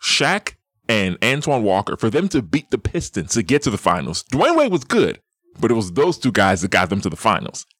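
A man's voice: lowish voice, wildly swooping pitch, moderate pace, fairly bright tone, no echo. A man co-hosting a podcast, arguing his opinions in an emphatic, casual way. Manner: emphatic, argumentative hot takes. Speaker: podcast co-host.

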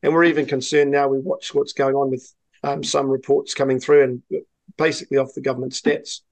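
Earnest New Zealand man, flat delivery. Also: mid-range voice, a little fast, no room sound, low-quality recording. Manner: earnest, many fillers and restarts. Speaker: party leader, interview guest. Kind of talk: political interview.

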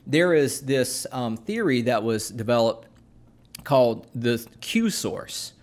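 A man of medium pitch talks through an explanation in a loose, conversational way. He pauses often, restarts sentences and fills gaps with "um" and "uh". His tone stays steady and plain, like a co-host teaching his partner. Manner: unhurried, with many fillers and restarts. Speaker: podcast co-host explaining scripture. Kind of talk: casual explanatory chat.

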